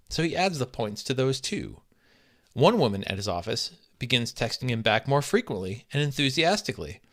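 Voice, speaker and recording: A man in his fifties reads his own stories aloud, then chats wryly and self-deprecatingly. His voice is bright and very lively in pitch. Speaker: author. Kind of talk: reading his fiction aloud.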